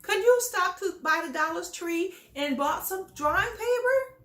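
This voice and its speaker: A woman's voice: very high-pitched, expressive, a little slow, a bit bright. A woman giving casual reality TV commentary, sassy and scolding as she talks straight at the people she judges. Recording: echoey room.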